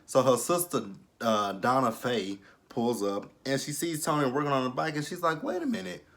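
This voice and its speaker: Dude recapping a reality show, blunt and cussing a lot, mid-pitched voice. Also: male voice, normal speed, a bit bright. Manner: blunt, profane, exasperated. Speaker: reality TV reviewer. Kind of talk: casual commentary.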